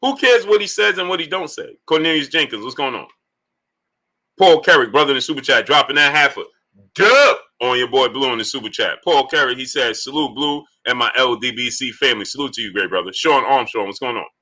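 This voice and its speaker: A man hosting a live stream, giving boxing commentary in lively bursts and greeting viewers by name from the chat. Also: medium pitch, quick pace. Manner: animated, greets viewers by name between points. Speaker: livestream host.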